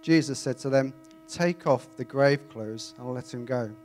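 A man reading scripture aloud and then preaching in a chatty, animated way to a congregation. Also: mid-range voice, a little slow, faint music behind. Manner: conversational, animated, self-interrupting. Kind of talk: Bible reading and informal sermon. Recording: faint mains hum.

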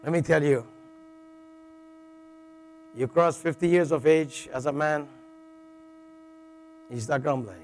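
A middle-aged man preaching to a congregation in a relaxed, joking manner. His voice sits a little high for a man, and he keeps checking in with his listeners. A low mains hum runs under the recording. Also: takes it slowly, long pauses. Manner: jokey, conversational, with frequent "all right" asides and restarts. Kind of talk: sermon.

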